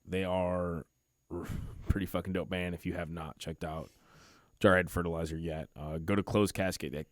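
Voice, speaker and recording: Low smooth-voiced male podcast host. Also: fairly even intonation, moderate pace, dry recording. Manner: laid-back, filler-heavy, swearing. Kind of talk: casual chat.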